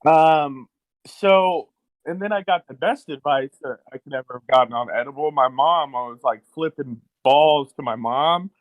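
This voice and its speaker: A man's voice: a little high, normal speed, no room sound, phone-quality sound. A young man telling a personal story in a casual podcast chat, rambling with lots of fillers and restarts. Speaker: guest.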